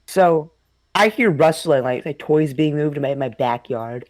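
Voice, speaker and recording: A man's voice: a little high, moderate pace, dry recording. A young man casually telling a spooky childhood story, rambling, swearing a lot and laughing often. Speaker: host.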